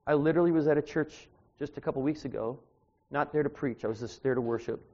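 A man delivering an informal sermon as a preacher, talking in a conversational, anecdotal way that grows louder when he gets animated. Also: fairly high pitch, quick pace. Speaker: street preacher. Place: church. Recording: dull lo-fi sound.

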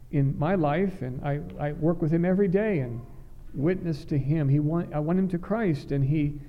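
A middle-aged man preaching a sermon, earnest and halting, often repeating words as he restarts. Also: fairly high pitch, muffled recording.

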